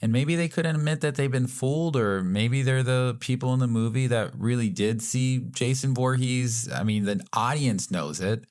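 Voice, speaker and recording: A man's voice: medium pitch, normal speed, hardly any pauses, darkish tone. A man co-hosting a podcast in a casual, joking, self-deprecating way. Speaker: podcast co-host.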